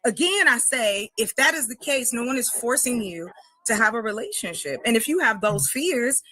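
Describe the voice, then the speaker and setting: A woman pushes back in a panel debate, firm and questioning. Her voice is bright and forward, slightly high, recorded close and dry. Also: lively intonation, normal speed, no echo, low-quality recording. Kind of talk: debate on a talk show.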